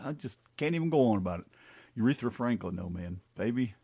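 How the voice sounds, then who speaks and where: A man hosting a casual radio show, energetic and joking. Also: on the low side, fast talker, heavy background noise.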